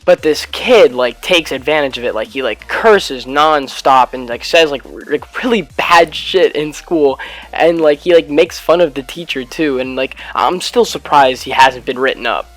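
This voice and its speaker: Teen male vlogger, slightly high voice, loose rambling delivery full of fillers and cursing. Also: normal speed, a bit bright. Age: late teens, high school student. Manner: rambling, heavy use of "like" fillers, casual swearing. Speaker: YouTube gaming vlogger. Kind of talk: casual storytelling vlog.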